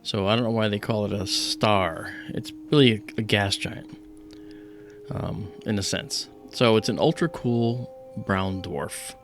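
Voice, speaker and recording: A man's voice: fairly low pitch, measured pace, music in the background. A man hosting an astronomy livestream, explaining casually with many fillers and restarts.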